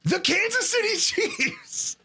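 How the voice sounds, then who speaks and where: A man's voice: very high voice, wildly swooping pitch, slow pace, sharp tone, no echo. A man hosting a sports podcast, ranting in a casual, sarcastic way. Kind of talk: casual sports talk rant.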